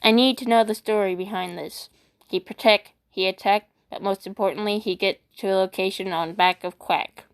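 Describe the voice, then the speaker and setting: A woman voice actor reading funny internet posts aloud, animated and playful, switching voices often. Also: medium pitch, normal speed, smooth. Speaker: YouTube voice actor.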